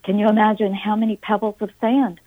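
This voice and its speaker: A woman's voice: medium pitch, level tone, brisk, phone-quality sound, close to an everyday voice. The ocean's voice, as a woman quotes it. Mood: questioning. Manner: questioning, patient challenge. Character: vast thunderous ocean speaking to her.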